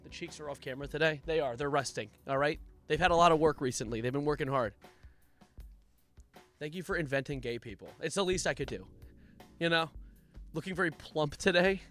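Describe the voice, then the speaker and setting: A young man live streaming, chatting casually, joking around and reading out donations in an animated way. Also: a little high, fairly quick, pauses often, faint music behind. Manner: jokey, animated, reads donations aloud. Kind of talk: casual livestream chat.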